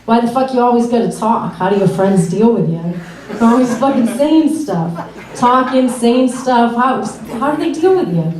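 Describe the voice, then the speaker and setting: A woman voicing a gruff, irritated family member who swears bluntly, recorded from a distance in a roomy club. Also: on the high side, expressive, moderate pace, a crowd in the background, close to an everyday voice. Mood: exasperated. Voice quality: brash, swearing. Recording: roomy club sound from far off.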